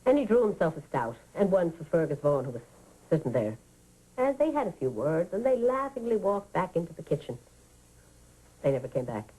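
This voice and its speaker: A woman's voice: on the low side, very animated, fairly quick, mellow, breathy edge, low-quality recording. A woman playing an elderly woman who tells a childhood tale to children in a radio drama, talking fondly and vividly, sighing as she goes. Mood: warm reminiscing. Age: older. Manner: fond, vivid storytelling with sighs. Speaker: storyteller.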